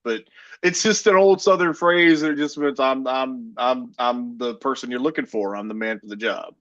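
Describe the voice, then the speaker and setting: A man's voice: mid-range voice, moderate pace, fairly bright tone, muffled recording. A man co-hosting a wrestling podcast, laid-back and laughing easily as he explains. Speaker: podcast co-host. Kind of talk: casual chat.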